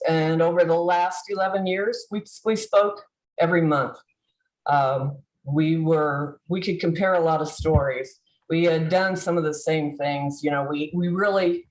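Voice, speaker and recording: A woman giving a heartfelt tribute over a video call, halting with fillers and restarts. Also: sits low, darkish tone, echoey room, rough recording. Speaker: convention presenter.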